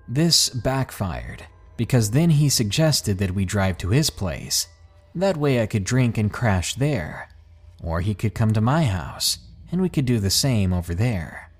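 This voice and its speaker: A man narrating listener stories for his podcast, measured and paced with dramatic pauses. His pitch moves in a lively way through each line. Soft music plays faintly under his voice. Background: faint background music.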